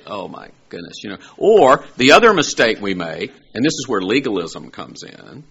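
Gravelly, husky male preacher, lo-fi. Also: fairly low pitch, big pitch swings, moderate pace, a bit bright. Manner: conversational, asks rhetorical questions, rises to emphatic peaks. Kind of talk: sermon.

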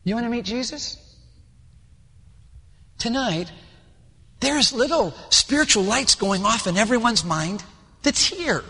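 High, bright-voiced preacher in a reverberant church. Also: male voice, takes it slowly, pauses often, slightly rough. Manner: animated, acts out little scenes in different voices. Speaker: pastor. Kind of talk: sermon. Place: church sanctuary.

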